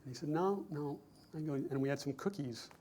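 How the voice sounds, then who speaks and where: A man's voice: fairly high pitch, brisk, warm tone, a little hiss or hum. A middle-aged man, a screenwriter giving a lecture, telling anecdotes in a conversational, self-correcting, amused way.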